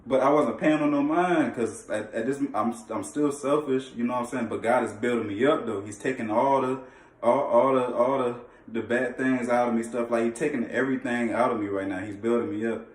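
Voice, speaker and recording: A man's voice: medium pitch, fairly even intonation, fairly quick. A young man telling a personal faith testimony in casual, slangy talk, emphatic and full of repeated phrases and restarts. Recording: echoey room, mic at a distance.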